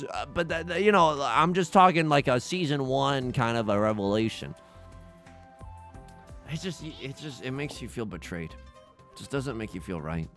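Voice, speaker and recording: A young man gives casual commentary on his own game, dramatic and self-mocking. His pitch leaps about constantly, from hushed mutters to loud cries, while soft music plays under him. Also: lively intonation, normal speed. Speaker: let's play host.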